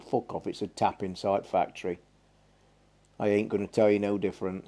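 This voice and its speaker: A man's voice: lowish voice, level tone, normal speed, mellow. A man hosting a gaming live stream, chatting in a rambling, blunt and sweary way. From England. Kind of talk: casual live-stream chat.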